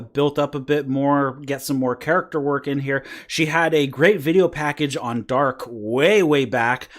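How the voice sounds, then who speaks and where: A man hosting a podcast, casually recapping a wrestling show in a rambling, play-by-play way. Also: mid-range voice. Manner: rambling play-by-play retelling with fillers. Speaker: podcast host.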